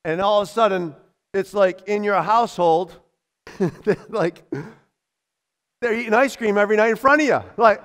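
High-voiced animated man preaching. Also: moderate pace, long pauses. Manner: animated, acts out voices, laughs often. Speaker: pastor. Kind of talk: sermon. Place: church.

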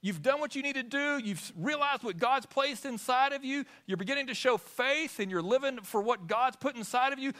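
A man preaching to his congregation, keeping them involved with question after question. His voice sits high and bright, and it rises and falls widely as he goes. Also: lively intonation, moderate pace. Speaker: pastor. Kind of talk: sermon. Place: church sanctuary.

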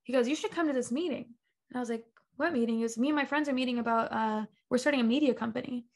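A young adult woman, a guest on a podcast, chatting casually and acting out remembered conversations with quick laughs. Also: on the high side. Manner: animated storyteller, acts out quoted dialogue, laughs often. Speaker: guest, talk show creator. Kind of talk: casual interview chat.

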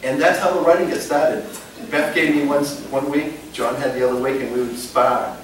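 An older man spinning funny police yarns for a crowd, animated and chuckling between lines. He sounds far from the mic in a big, reverberant meeting hall, with a clear hum of room noise underneath. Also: a little high, normal speed. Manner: lively, laughing while telling anecdotes. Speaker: retired police officer, guest speaker. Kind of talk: humorous storytelling to an audience.

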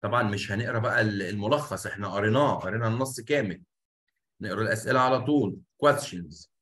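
A man's voice: fairly low pitch, rapid-fire, a bit bright. A man with an Egyptian Arabic accent teaching an English lesson, explaining a story in Arabic and mixing in English words. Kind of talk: classroom lesson explaining a reader.

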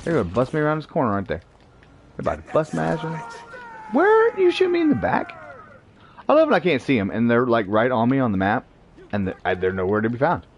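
Playful male game streamer with a lively voice. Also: medium pitch, fast talker, slight background noise. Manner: playful, taunting enemies, mock-offended. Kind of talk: live gameplay commentary.

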